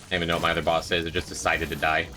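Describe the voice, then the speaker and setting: A man's voice: low-pitched, completely flat delivery, rapid-fire, over music. A young man streaming a game, chatting and joking with his chat as he plays. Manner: chatty, joking, reads and answers chat while playing. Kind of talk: casual gameplay commentary chatting with chat.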